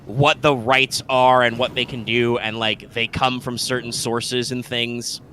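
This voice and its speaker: A man's voice: mid-range voice, flat delivery, a little slow, sharp tone, a little hiss or hum. A man co-hosting a live gaming stream, chatting casually and rambling with lots of fillers, restarts and swearing. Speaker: co-host.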